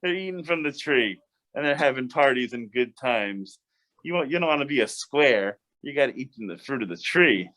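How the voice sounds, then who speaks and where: A man's voice: mid-range voice, expressive, moderate pace, bright, forceful tone. A man voicing a tempting male serpent who coaxes in a breezy, peer-pressuring way. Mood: coaxing.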